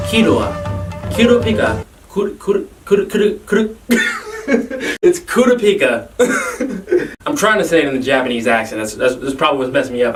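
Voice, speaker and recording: A man hosting a hyped gaming video, energetic and jokey with self-mocking asides. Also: on the high side. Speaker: host. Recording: distant mic with music. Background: background music.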